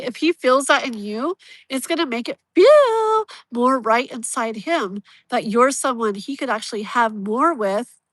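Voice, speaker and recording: A woman's voice: a little high, fairly bright tone, no echo, poor audio. A woman giving a live-stream tarot reading in a chatty, rambling way, her nose blocked so she can't breathe through it. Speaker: tarot reader.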